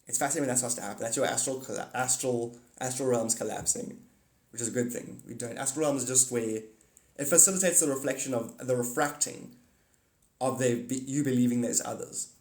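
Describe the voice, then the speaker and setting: A man's voice: medium pitch, a little fast, darkish tone, roomy sound. A man hosting a casual livestream, talking to viewers in a rambling, blunt and profane way. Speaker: livestream host.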